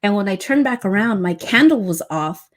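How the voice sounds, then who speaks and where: A woman's voice: mid-range voice, expressive, moderate pace. A woman who guides past-life regressions, telling a story in a chatty way full of fillers. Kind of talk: casual storytelling on a podcast.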